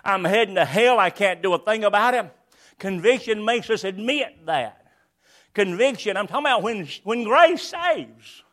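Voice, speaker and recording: An older man preaching a sermon, emphatic and repetitive, swinging between loud declarations and hushed lines. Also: high-pitched, animated, normal speed.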